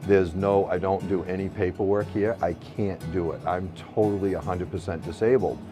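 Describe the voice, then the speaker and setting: A man's voice: deep voice, steady tone, normal speed. This is a middle-aged man telling his own story to an interviewer. He speaks bluntly and swears freely, rambling and restarting his sentences as he goes. Faint music plays behind him. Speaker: medical cannabis patient and grower.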